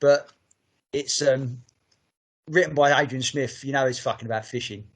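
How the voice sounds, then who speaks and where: A man's voice: mid-range voice, steady tone, moderate pace. A man co-hosting a podcast, chatting in a sweary, enthusiastic, rambling way. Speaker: podcast co-host. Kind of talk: casual chat.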